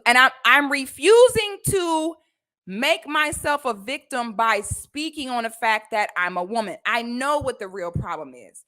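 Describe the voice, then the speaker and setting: A woman telling a personal story on a livestream in a casual, animated, slangy way. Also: fairly high pitch, a little slow.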